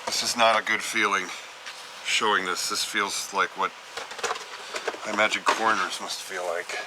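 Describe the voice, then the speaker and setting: A man working as a film archivist, narrating and explaining in a measured, somber way. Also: on the low side, fairly even intonation, very noisy. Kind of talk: documentary narration and on-camera explanation.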